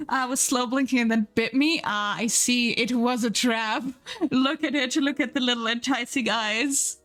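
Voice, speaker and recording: A young woman streaming live, gushing excitedly over viewers' art and pets, swearing casually. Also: fairly high pitch, moderate pace, soft background music.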